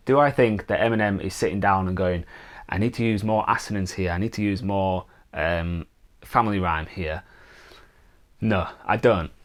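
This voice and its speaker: A man with a fairly low voice gives a casual songwriting lesson. He explains each point patiently and step by step, and often fills pauses with "uh" and "um". His accent is not American. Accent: non-American English. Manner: relaxed, explains step by step with many "uh" and "um" fillers. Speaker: songwriting teacher.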